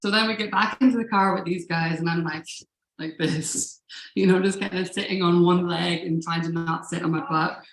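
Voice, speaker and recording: A woman's voice: fairly low pitch, steady tone, normal speed, slight background noise. Woman telling a story live, roomy echo. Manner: casual, profane, laughing. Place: live event space.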